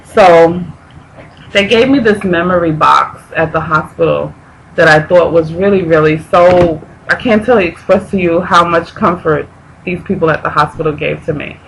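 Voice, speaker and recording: A grieving woman vlogger talking haltingly to her camera, close to tears, often stopping and restarting. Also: on the low side, creaky, a little hiss or hum, poor audio. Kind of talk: emotional personal vlog.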